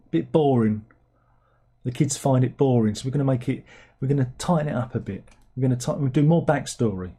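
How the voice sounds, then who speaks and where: A man talks loosely and sarcastically, rambling from one gripe to the next. His voice is very dark and a little husky, with a mid-range pitch. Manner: sarcastic, rambling, mocks with put-on plummy voices. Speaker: livestream host. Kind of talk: casual film rant.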